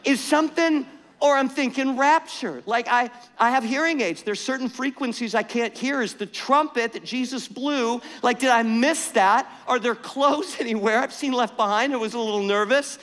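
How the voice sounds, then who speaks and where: A middle-aged man preaching a sermon, telling an animated, self-mocking story in a conversational way. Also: very high voice, moderate pace. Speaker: pastor. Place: church sanctuary. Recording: church hall reverb.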